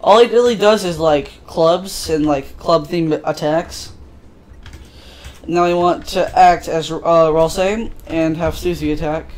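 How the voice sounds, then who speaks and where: A man's voice: on the high side, takes it slowly. A man casually commentating a video game, crude and profane, loosely recapping the story as he plays. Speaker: let's play gamer.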